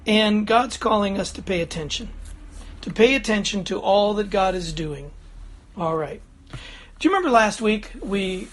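An older male pastor preaches in a loose, conversational way. He chuckles at his own stories and keeps checking in with his listeners between points, standing before his congregation. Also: high voice. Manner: chatty, chuckles, frequent "Amen?" and "Okay?" check-ins. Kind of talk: folksy sermon.

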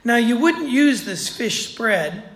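Slow, unhurried preacher in an echoey room. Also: medium pitch, big pitch swings, a bit bright. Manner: conversational, repeats points for emphasis. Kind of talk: sermon. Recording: roomy echo.

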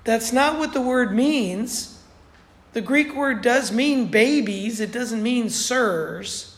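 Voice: medium pitch, animated, takes it slowly. A preacher giving a sermon in a conversational way, repeating points for emphasis. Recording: roomy echo.

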